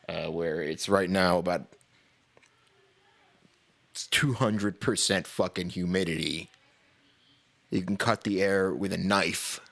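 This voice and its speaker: A man with a very low voice and a gravelly, creaky edge rants on his own podcast. He talks bluntly and profanely, with a sarcastic bite and laughs between his points. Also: fairly bright tone. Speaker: podcast host. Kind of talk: casual podcast rant.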